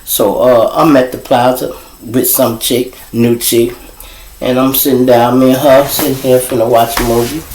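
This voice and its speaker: A man telling casual, profane street stories as host, animated and swearing freely. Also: normal speed, roomy sound, low-quality recording. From Chicago. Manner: animated, profane, jumps to high voices for quoted people. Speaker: storyteller host.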